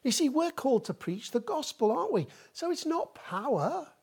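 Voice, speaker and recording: A woman's voice: high-pitched, sing-song, normal speed, vocal fry, a little mellow. A woman preaching a sermon, asking rhetorical questions and repeating points for emphasis.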